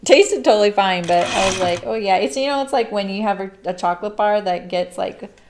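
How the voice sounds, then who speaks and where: A woman's voice: mid-range voice, brisk, noisy background. Chatty woman sewing on a livestream. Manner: chatty, rambling, laughs often. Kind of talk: casual chat while sewing live.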